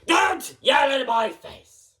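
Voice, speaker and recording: A performer voicing a short-tempered frog customer who shouts indignant complaints. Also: medium pitch, very animated, a little slow, gravelly, distant mic, heavily acted. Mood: angry.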